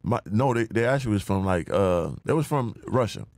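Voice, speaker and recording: A man's voice: lowish voice, a little fast, no echo. A man, a podcast guest, telling a story in casual chat, with heavy slang and profanity, acting out the people he quotes in a raised voice. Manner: animated, acts out quoted dialogue in a raised voice.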